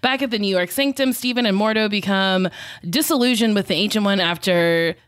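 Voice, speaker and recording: A woman co-hosting a podcast, playful and quick to laugh while recapping a film in casual chat. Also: medium pitch, fairly bright tone, no echo, studio quality. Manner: playful, laughs often, with drawn-out fillers. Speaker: podcast co-host.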